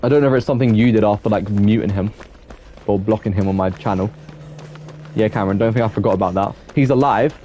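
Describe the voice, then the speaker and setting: A young man streaming a game, chatting loosely with his viewers and getting quickly exasperated at teammates, with many restarts. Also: lowish voice, warm tone, slight background noise. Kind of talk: casual live-stream chat while gaming.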